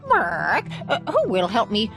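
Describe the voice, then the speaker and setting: A woman's voice: mid-range voice, wildly swooping pitch, unhurried, music in the background. A woman voicing a hardworking, feisty little red hen in a storybook reading, cheery and exclaiming, with stammering restarts. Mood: calling out.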